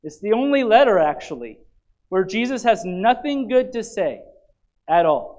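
Pastor, male, high-pitched voice, animated emphatic sermon delivery, restarts often. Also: moderate pace, muffled recording. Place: church.

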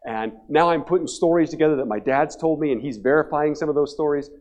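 A male pastor telling a story from the pulpit, swinging from excited bursts to hushed, quiet passages. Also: a little high, fast. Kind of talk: storytelling sermon. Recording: dull lo-fi sermon recording.

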